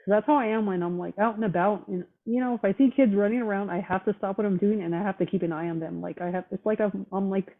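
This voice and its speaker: A woman's voice: medium pitch, fairly even intonation, fast, hardly any pauses. A woman in casual chat, talking bluntly and with heavy profanity, fired up and determined. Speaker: roundtable guest. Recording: tinny phone-line audio.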